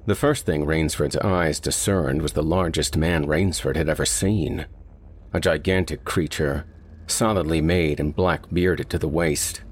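Deep husky male story narrator. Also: steady tone, unhurried. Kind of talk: audiobook reading of a short story.

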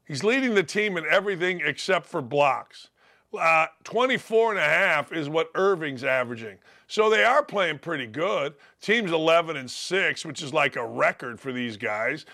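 Older guy ranting on sports radio, kinda high pitched and gravelly from yelling all week, blunt and mocking. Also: lively intonation, normal speed. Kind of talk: opinionated sports radio rant.

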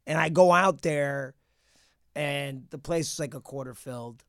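A man's voice: on the high side, a little slow, a crowd in the background. A man in his twenties, a comedian guest, telling rambling stories in a casual podcast chat and laughing often. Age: 20s. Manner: rambling anecdotal storytelling with frequent laughs.

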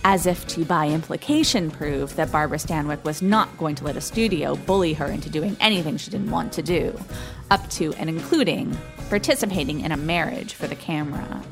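A woman with a somewhat low voice narrates from a script. She tells her story with a wry, questioning edge. Music plays plainly behind her the whole time. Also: fairly quick. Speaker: podcast host.

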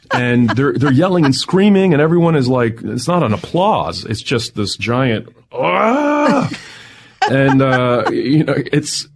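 A man, a tech entrepreneur, telling his story in an interview with excited energy and frequent laughter. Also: mid-range voice, unhurried.

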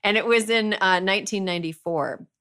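A woman's voice: medium pitch, a little fast, fairly bright tone, smooth. A woman hosting a podcast, talking casually with lots of fillers and a playful tone. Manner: chatty, filler-heavy, playful. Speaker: podcast host. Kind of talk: casual chat.

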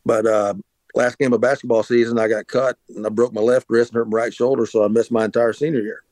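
A man's voice: medium pitch, little pitch movement, quick pace, a little mellow, no room sound. A middle-aged man hosting a podcast, telling a long story casually, with frequent restarts and filler words. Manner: rambling, many restarts and "uh"s. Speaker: podcast host, former pitcher.

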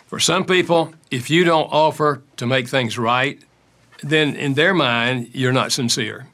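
A man's voice: mid-range voice, unhurried, pushed and bright. An older man, an author and counselor, answering interview questions with anecdotes and acted-out quotes. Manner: acts out quoted dialogue in stories.

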